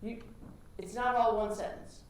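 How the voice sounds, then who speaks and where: A woman instructor giving direct, encouraging feedback to students practicing pitches in a classroom. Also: steady tone, normal speed. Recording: echoey classroom with background noise.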